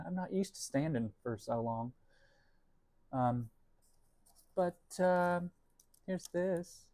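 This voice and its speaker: A man's voice: on the high side, expressive, extremely slow, pauses often, darkish tone, no echo. A young man rambling casually to the camera and his cats while baking in his home kitchen, self-deprecating and wry. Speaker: vlog host. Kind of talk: casual cooking vlog chat.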